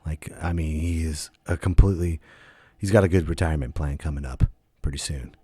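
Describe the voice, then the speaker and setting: A man who is a stand-up comedian hosting his own podcast, telling road stories in a casual monologue and breaking into loud voices for the people in them. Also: rumbling low, a little fast, husky, no room sound. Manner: animated, jumps into loud impressions of others.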